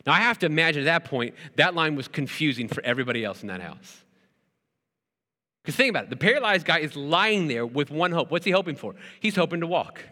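A man's voice: fairly high pitch, big pitch swings, fairly quick, sharp tone, long reverb tail. A man preaching a sermon in an earnest, conversational way, often repeating words and asking rhetorical questions. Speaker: pastor.

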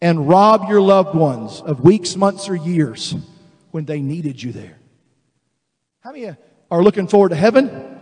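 A male pastor preaching a sermon, animated and emphatic, acting out voices of the people he describes. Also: high voice, measured pace, pauses often, slightly rough, in a large hall. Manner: animated, acts out quoted voices, builds to emphatic declarations.

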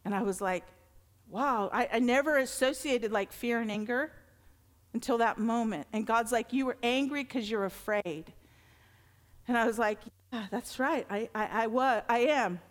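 A woman's voice: fairly high pitch, moderate pace. A middle-aged woman pastor giving a sermon in an earnest, conversational way, swelling into emphatic lines. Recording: long reverb of a large hall.

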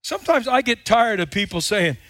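A male pastor preaching a sermon with lots of repetition, swinging between loud passages and hushed ones. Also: high-pitched, sing-song, brisk, dry recording, clean studio sound.

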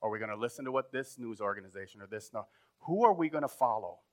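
A pastor preaching a sermon in a conversational way, building up to emphatic points. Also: male voice, fairly low pitch, lively intonation, fast.

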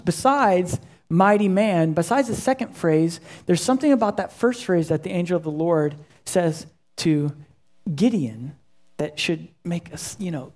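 A woman's voice: fairly low pitch, dark tone. A woman teaching a Bible study in an earnest, emphatic way, repeating her key words.

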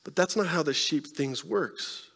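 A man preaching a sermon in a conversational way, often checking in with the congregation with quick questions. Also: fairly high pitch, vocal fry, fairly bright tone, husky, big-room sound. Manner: conversational preaching, frequent "right?" tag questions. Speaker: pastor.

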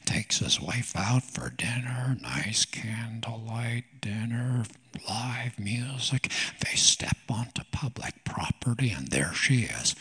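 Male preacher, husky and gravelly, emphatic sermon delivery with wry asides. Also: mid-range voice, sing-song, slow pace, a bit bright.

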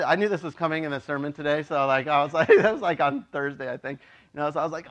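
A man preaching a casual, joking sermon as a pastor, chatty and animated, acting out voices in his stories. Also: on the high side, fast talker, dull audio. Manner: chatty, with many "like" and "you know".

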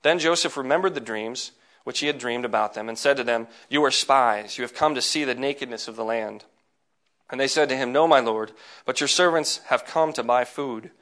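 A man reading scripture aloud in a measured, plain way, now and then adding a brief aside. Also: mid-range voice, fairly bright tone. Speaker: scripture reader.

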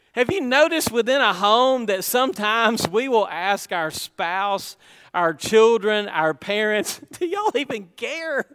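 A man's voice: high voice, slow, bright, forceful tone, smooth, in a large hall. A middle-aged man preaching a sermon, talking conversationally and asking the congregation rhetorical questions. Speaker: pastor.

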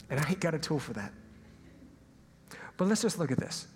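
A young man preaching a sermon as a pastor, telling a personal story in a lively, animated way and sometimes dropping to a hushed aside. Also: on the high side, slight background noise. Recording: hall reverb, faint ambience.

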